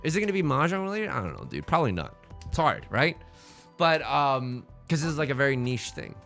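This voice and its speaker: A man's voice: mid-range voice, sing-song, brisk, a bit bright, faint music behind. A man hosting a let's play, rambling playfully through casual game commentary with jokey asides.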